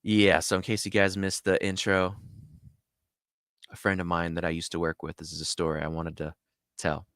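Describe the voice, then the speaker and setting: Guy hosting his show, telling a story all casual and animated, lowish voice, dry close sound. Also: normal speed, pauses often, no echo. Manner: animated, lots of "you know" fillers. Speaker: host.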